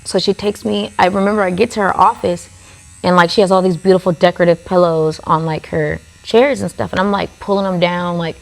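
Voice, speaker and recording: Woman with a gravelly fry, chatty. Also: on the low side, fairly even intonation, a little fast. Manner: chatty, filler-heavy with frequent "like". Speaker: podcast guest. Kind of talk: casual storytelling. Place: tattoo studio podcast set.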